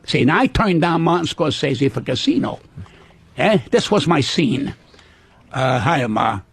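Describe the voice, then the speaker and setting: Husky, lively-voiced older man, profane. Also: on the high side, normal speed. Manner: profane, blunt, animated storytelling. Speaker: comedian guest. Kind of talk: casual radio chat.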